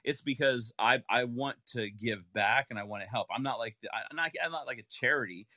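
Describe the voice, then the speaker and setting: A man's voice: medium pitch, brisk, pushed and bright, dry recording, clean studio sound. A man hosting a casual podcast chat, emphatic and repeating words when making a point. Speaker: podcast host.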